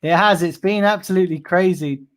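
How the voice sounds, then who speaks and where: A man speaking a little fast in a high voice hosts a fan livestream and reads out the chat. His delivery is an angry, profanity-heavy rant that keeps repeating.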